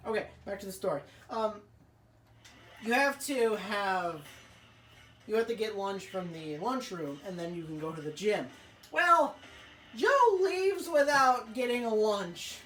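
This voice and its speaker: A woman telling a rambling, swear-filled school story while playing a racing game, with excitable outbursts. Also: mid-range voice, a little slow. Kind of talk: casual let's-play storytelling. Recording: echoey room, faint music.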